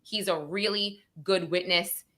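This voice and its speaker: A woman's voice: on the low side, unhurried. A woman host recapping a court hearing on a livestream, emotional and close to tears, acting out the lines of people in court. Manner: tearful, animated, acts out courtroom quotes. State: crying, sniffly. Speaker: true crime show host.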